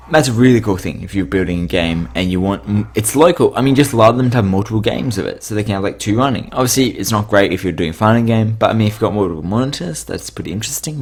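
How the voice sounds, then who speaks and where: A man hosting a casual coding tutorial, losing his voice and sounding tired and sick, rambling with frequent fillers and self-corrections. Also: on the low side.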